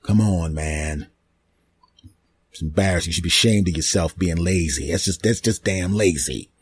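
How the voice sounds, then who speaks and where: A man's voice: low-pitched, normal speed, breathy edge, no room sound. A middle-aged man hosting a podcast, telling a rambling comic story with stammers and restarts. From US East Coast. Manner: rambling, stammering, with put-on voices in quotes. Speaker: podcast host. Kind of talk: comedic storytelling monologue.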